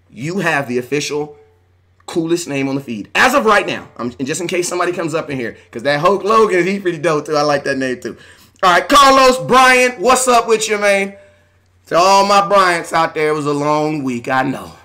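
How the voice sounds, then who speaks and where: A man hosting a casual live stream, shouting out viewers by name in a hyped, talkative way. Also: high voice.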